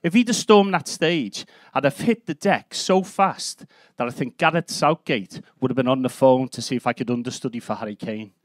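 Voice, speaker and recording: A man in his fifties with a broad Scouse accent delivers stand-up on a comedy club stage. His speaking pitch sits in the ordinary middle range. His manner is brash and sweary, with punchy storytelling, and his voice sounds dry and close with little room echo. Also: normal speed, hardly any pauses. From Liverpool, England. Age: 50s. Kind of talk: live stand-up set.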